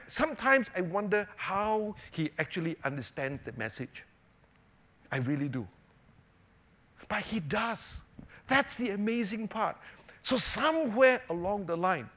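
A male pastor delivering a sermon in a fairly high, very lively voice that leaps up for emphasis and drops low for asides. He keeps the congregation with him through constant tag questions and casual fillers. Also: creaky. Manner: animated, swings between emphatic highs and quiet low asides; frequent "you know" and "right?" tag questions.

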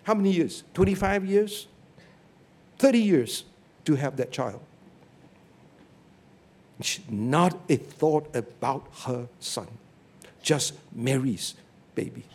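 A man preaching a sermon on a Bible passage, telling stories in an animated way and often checking in with "okay?" and "you see". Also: fairly high pitch, takes it slowly, pauses often.

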